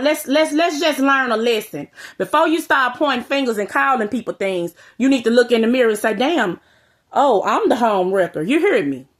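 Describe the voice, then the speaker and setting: A woman's voice: fairly high pitch, fairly bright tone. Blunt, profane woman ranting to camera. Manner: blunt, profane, calls out listeners with "you hear me?". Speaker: vlogger. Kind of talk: direct-to-camera rant.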